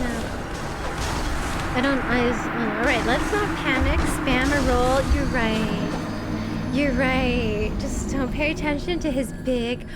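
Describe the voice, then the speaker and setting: A woman streaming a game live, panicking and laughing as she talks to her chat. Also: high-pitched. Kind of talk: live gameplay commentary.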